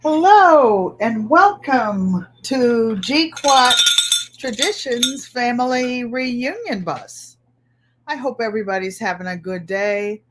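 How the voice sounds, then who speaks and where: A woman's voice: a little high, lively intonation, takes it slowly, noisy background. A middle-aged woman hosting a casual livestream, greeting viewers by name and chatting about her week, often repeating her phrases. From Connecticut. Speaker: livestream host.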